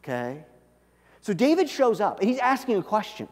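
A man's voice: high voice, sing-song, moderate pace, in a large hall. A male pastor preaching a sermon in a conversational way, often checking in with "okay?".

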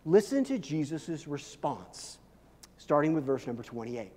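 High-voiced preacher in a reverberant hall. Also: male voice, normal speed. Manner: expressive, swings between loud emphasis and hushed intensity; repeats words and restarts when stressing a point. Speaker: pastor. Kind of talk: sermon.

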